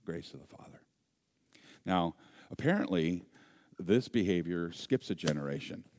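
A man with a low voice preaching a sermon. He tells personal stories in an animated way, with self-deprecating humor. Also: normal speed, a little hiss or hum. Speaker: pastor.

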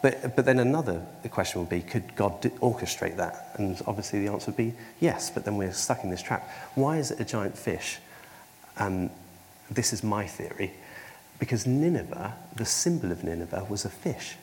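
A man's voice: fairly low pitch, animated, moderate pace, a little mellow. A man preaching a sermon, hesitant, with frequent ums and restarts and wry self-mocking humour. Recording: long hall reverb, faint background noise.

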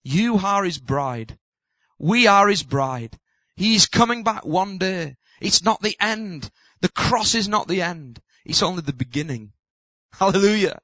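A man, a pastor, preaching an impassioned sermon that builds to loud emphatic peaks and slows on key words. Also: sits high, lively intonation, no echo.

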